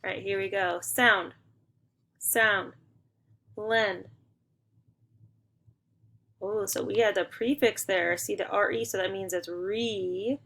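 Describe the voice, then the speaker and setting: A young woman teaching a phonics lesson to young students, slowly sounding out and blending words and praising them. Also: medium pitch, steady tone, a bit bright. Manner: slow, encouraging, sounding out words.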